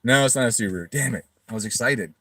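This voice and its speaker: A middle-aged man telling a story casually to camera, swearing freely and acting out his own quoted replies loudly. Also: mid-range voice, very fast. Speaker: tuning shop owner.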